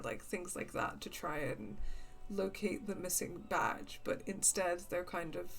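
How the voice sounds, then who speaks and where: A woman's voice: lowish voice, unhurried, gravelly. A woman hosting a let's-play, chatting casually with many fillers and an amused tone. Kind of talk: casual gameplay commentary.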